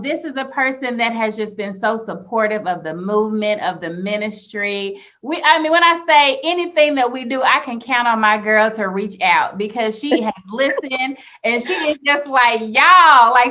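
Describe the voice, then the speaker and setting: A woman co-hosting a faith podcast with a bright, slightly high voice. She is chatty and enthusiastic and keeps dropping in affirming yeses. She sounds eager to bring the guest in. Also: normal speed, few pauses. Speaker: podcast co-host.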